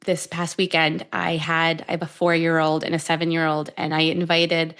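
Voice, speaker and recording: Woman in her 30s, low-ish voice, soothing tapping guide who gets chatty and lively telling stories. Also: moderate pace, smooth. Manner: calm, soothing guidance shifting to animated storytelling. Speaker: tapping expert guest. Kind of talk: guided tapping and conversational chat.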